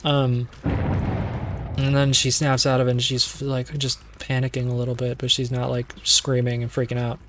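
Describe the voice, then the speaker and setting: A man's voice: medium pitch, monotone, moderate pace, fairly bright tone, a little hiss or hum. A young man streaming a game while rambling through a movie plot from memory, swearing and losing his thread. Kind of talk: casual movie recap while gaming.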